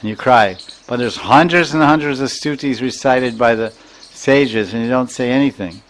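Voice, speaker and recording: A man teaching from scripture in a sermon, his voice at an ordinary middle pitch. He recites Sanskrit verses and works through their meaning phrase by phrase. Small chuckles slip in between his explanations. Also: moderate pace. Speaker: spiritual teacher. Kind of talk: scripture lecture.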